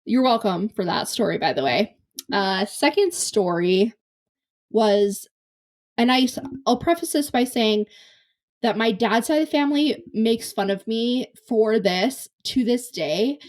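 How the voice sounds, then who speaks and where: A young woman hosting a podcast tells a long, embarrassing story, rambling and self-deprecating and full of filler words. Her voice is fairly high, expressive, unhurried and a little mellow.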